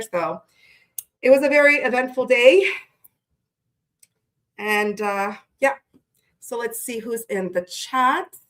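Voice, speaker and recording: A woman's voice: medium pitch, fairly bright tone. A woman hosting a tarot livestream, greeting her chat viewers one by one in a chatty, playful way that swears freely, and she sounds tired.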